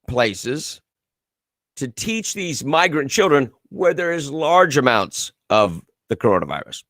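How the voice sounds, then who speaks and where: Male host, casual sarcastic commentary, animated delivery, dead dry room. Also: mid-range voice, no echo. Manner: sarcastic, reads viewer comments and news aloud. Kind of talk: casual live-stream commentary.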